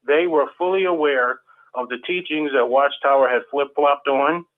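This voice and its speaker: A man's voice: fairly high pitch, fairly even intonation, normal speed. A man talking in an earnest, casual way in a group discussion, often stammering and restarting. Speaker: ex-Jehovah's Witness panelist. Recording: tinny phone-like line.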